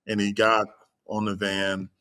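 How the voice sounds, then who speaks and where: A man's voice: lowish voice, monotone, measured pace, bright, forceful tone. A middle-aged man, a guest on the show, tells a personal story in conversation. He speaks with frequent fillers and acts out the voices of the people he quotes. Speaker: guest executive.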